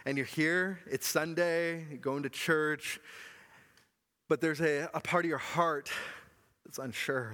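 A man preaching a sermon as pastor, earnest and often dropping to a soft, low voice. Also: unhurried, pauses often. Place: church hall. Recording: long hall reverb.

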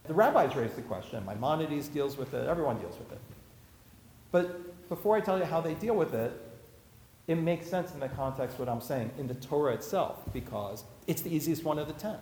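A man gives a casual, story-filled talk on Jewish law, his voice a touch higher than most. It rings out in a roomy hall with long reverb, faint ambience beneath. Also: lively intonation, fairly quick, darkish tone, slight background noise. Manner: conversational, anecdotal, acts out quotes. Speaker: speaker teaching about Jewish law. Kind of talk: lecture to a live audience.

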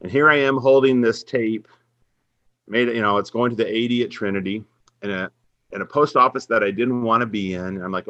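A man's voice: lowish voice, fairly quick, no room sound, muffled recording. A middle-aged man, a basketball coach, telling a personal faith story in an earnest podcast interview. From Minnesota. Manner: earnest, faith-centered storytelling, animated when quoting others. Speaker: head women's basketball coach, guest.

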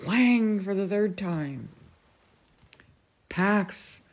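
A woman reading a novel aloud as a storyteller, measured and unhurried. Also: on the low side, animated, warm tone.

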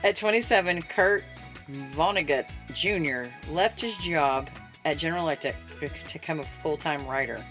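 A woman's voice: low voice, moderate pace, fairly bright tone, faint music behind. A woman co-hosting a podcast, reading trivia in a playful, teasing casual chat and laughing often. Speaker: podcast co-host.

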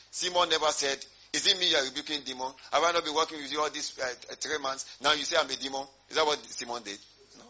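A man's voice: a little high, sharp tone, breathy edge. A man preaching a sermon to his congregation, often asking emphatic rhetorical questions. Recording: dull lo-fi sermon recording.

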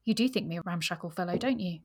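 A woman reading aloud as a blunt, plain-spoken Regency gentleman in a book discussion. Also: sits high, quick pace.

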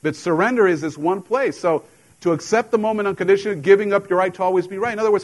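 Preaching at a racing pace, a middle-aged pastor addresses his congregation like old friends, weaving jokes and laughs into the sermon. His voice sits a bit high for a man and has a slight tinge, and the audio is poor.

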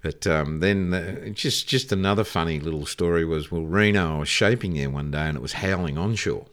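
An older man with an Australian accent and a very deep, low voice spins long, rambling anecdotes. He swears casually and keeps the tone loose and conversational, like a guest chatting in an interview. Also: brisk, a bit bright, clear, resonant tone. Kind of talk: casual storytelling.

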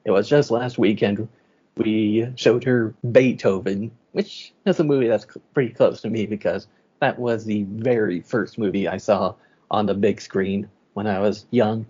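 Husky, easygoing podcast co-host man. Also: fairly low pitch, fairly even intonation, a little slow, darkish tone, dull audio. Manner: easygoing, laughs between thoughts. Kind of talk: casual chat.

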